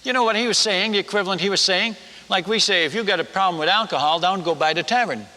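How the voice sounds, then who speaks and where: Here a missionary preacher relates a sermon story, performing its dialogue and sound effects himself. He talks quickly in a high, sharp-toned voice, and the recording carries the long reverb of a big hall.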